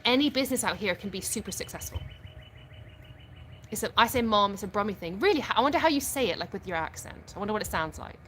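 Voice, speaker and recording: A woman's voice: mid-range voice, lively intonation, quick pace, fairly bright tone, slight background noise. A British woman from the UK hosting a casual live stream at home, reading viewer comments aloud and answering them frankly, often laughing. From United Kingdom.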